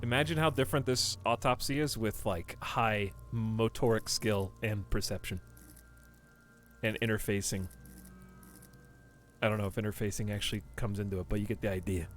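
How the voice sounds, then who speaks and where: A man with a fairly low, slightly bright voice streams a game at a moderate pace, rambling casually and talking directly to his chat. Soft music plays in the background.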